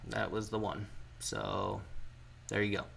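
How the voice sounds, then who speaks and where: A man's voice: lowish voice, fairly even intonation, unhurried, vocal fry, a bit bright, a little hiss or hum. A man hosting a casual livestream chat, telling candid stories and swearing freely as he answers viewers. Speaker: livestream host.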